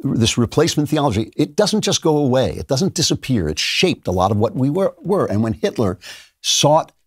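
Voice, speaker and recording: A man's voice: medium pitch, sing-song, normal speed, breathy edge, no room sound, studio quality. An older man hosting a show, delivering an emphatic opinion monologue in a lecturing manner. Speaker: show host.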